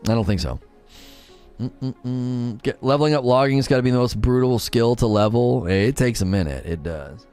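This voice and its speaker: At a normal speed, a man chats casually during a game stream, soft music playing behind him. He reads the chat out loud and responds to viewers, with lively ups and downs in his pitch.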